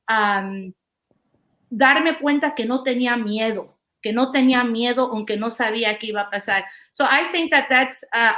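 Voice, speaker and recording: Woman, 40s, panel guest on a video call. Earnest and passionate, bright forceful tone. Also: a little high. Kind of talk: casual panel talk.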